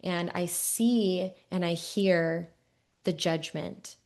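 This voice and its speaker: Thoughtful young woman, low voice. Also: fairly even intonation, very slow, darkish tone. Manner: thoughtful, reflective, uses many fillers. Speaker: podcast host. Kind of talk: interview conversation.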